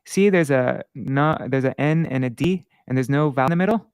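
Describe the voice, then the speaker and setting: A man teaching Sanskrit verse meter in a casual live-streamed lesson, patient and halting, thinking aloud and chanting syllable patterns slowly. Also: medium pitch, a little mellow, clean tone, dry recording, clean studio sound.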